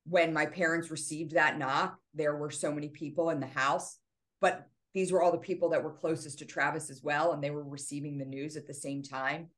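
A middle-aged woman, a podcast guest and author, earnestly retelling a painful family loss with many fillers. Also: low-pitched. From United States. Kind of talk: interview storytelling.

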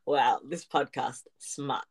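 A woman's voice: extremely low pitch, slow pace, darkish tone, husky. A woman co-hosting a podcast, talking bluntly and sarcastically in casual chat about a reality show. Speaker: podcast co-host.

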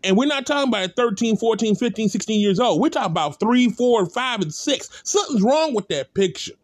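A man's voice: sits high, animated, brisk, no room sound. A man giving a blunt, impassioned spoken rant, hammering points with repeated rhetorical calls and casual speech. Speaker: commentator.

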